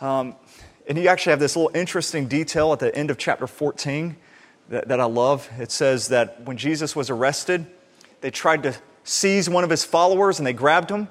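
High-voiced man preaching in a hall. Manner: animated, voices quoted people expressively. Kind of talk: sermon. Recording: reverberant hall sound.

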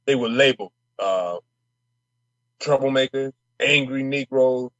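A man's voice: mid-range voice, unhurried, a bit bright, dry recording. A man speaking as a state legislator guest in an interview, emphatic and fiery, repeating words as he heats up. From Minnesota. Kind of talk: passionate interview talk.

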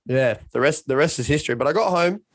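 A man's voice: a little high, animated, fast, no room sound. A young man casually telling a rambling, self-mocking story in a chat with a friend.

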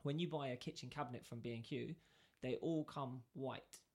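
A man tells a long story in relaxed conversation. His voice sits at a middle pitch. He acts out the exchanges with lively back-and-forth dialogue. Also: normal speed, breathy edge. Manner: animated, acts out both sides of dialogue. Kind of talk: casual storytelling.

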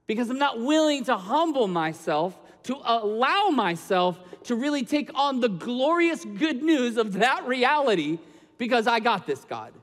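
A man preaching a sermon as pastor, swinging between loud emphatic lines and quiet hushed passages. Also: high-pitched, big-room sound.

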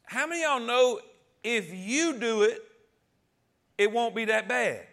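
A man's voice: very high-pitched, expressive, unhurried, gravelly, fairly bright tone. A man preaching a sermon as pastor, calling out to the congregation and repeating key phrases.

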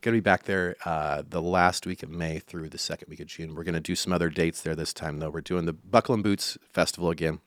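A man's voice: sits low, steady tone, fairly quick, few pauses, dry recording, studio quality. A young man from Iowa, a country musician, telling stories in a casual interview, rambling with fillers and restarts. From Iowa, USA.

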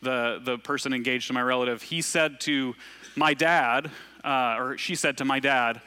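A man from Arkansas preaching a relaxed, storytelling sermon, full of self-deprecating asides. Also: mid-range voice, moderate pace, smooth. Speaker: pastor. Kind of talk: conversational sermon.

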